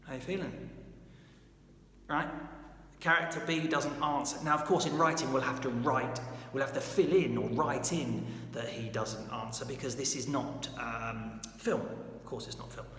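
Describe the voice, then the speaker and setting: In a room with long, echoey reverb and a faint hum of background noise, a writer teaches a relaxed writing lesson, frequently asking "right?". He speaks at a moderate pace with fairly even intonation and a slightly bright mid-range voice.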